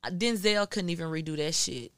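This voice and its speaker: A woman from Houston tells her story on a podcast, swearing freely and acting out what people said. Her voice sits a little low, yet it comes across bright and clean. The sound is dry and close, with no room around it. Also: moderate pace, clear, resonant tone, no room sound. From Houston, Texas. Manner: profane, animated storytelling with acted-out quotes. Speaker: guest media journalist. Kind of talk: casual podcast chat.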